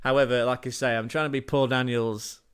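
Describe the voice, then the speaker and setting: A man's voice: mid-range voice, little pitch movement, fairly quick, a bit bright, clean tone. Rambling, scatterbrained male streamer. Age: adult parent. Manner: scatterbrained, digressive, self-deprecating, frequent restarts and chuckles. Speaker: channel host and livestreamer. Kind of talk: casual rambling livestream chat.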